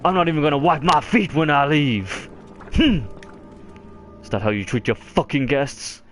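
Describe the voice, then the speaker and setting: Crude, mocking game streamer. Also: male voice, a little high, animated, moderate pace, soft background music. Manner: mocking, crude banter at the screen. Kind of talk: profane gameplay commentary.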